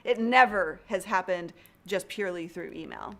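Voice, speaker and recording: A woman hosting a casual livestream interview over a video call, enthusiastic and quick to laugh. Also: on the low side, a bit bright. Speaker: livestream host.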